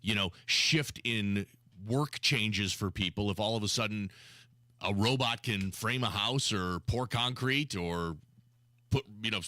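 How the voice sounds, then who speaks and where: A man's voice: fairly low pitch, a little slow, sharp tone, dry recording. A man hosting a talk radio show, chatting casually and often repeating words as he starts a sentence. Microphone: studio microphone.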